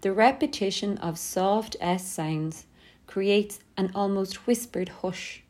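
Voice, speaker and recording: Woman teacher reading out a poetry lesson, steady and measured, middle pitch. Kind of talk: scripted lesson narration.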